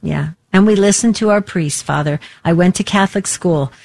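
A woman hosting a radio talk show, chatting warmly and effusively with many fillers and restarts. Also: fairly low pitch, normal speed, vocal fry, no room sound.

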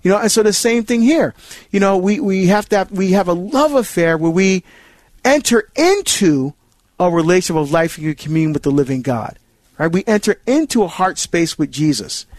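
A man hosting a call-in Catholic radio talk show, animated and halting, often repeating words as he goes. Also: high voice, no echo.

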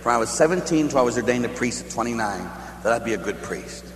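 A man's voice: mid-range voice, lively intonation, fast talker. A man, a priest, giving a retreat talk, telling a personal story with acted quotes and rising emphasis. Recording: echoey hall with long reverb and faint hum.

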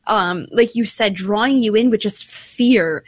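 A woman from Ireland co-hosting a Catholic radio talk show, chatty and quick, laughing easily. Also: mid-range voice, no room sound. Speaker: radio co-host.

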